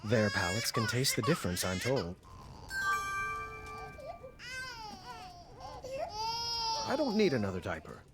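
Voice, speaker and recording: Game role: a frazzled young dad king, goofy and fumbling; lowish voice that swings widely, heavy noise in the mix. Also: wildly swooping pitch, quick pace. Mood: flustered. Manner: fumbling, self-mocking, exclaiming. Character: flustered young father king, clumsy and goofy. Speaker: game character. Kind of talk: video game voice acting.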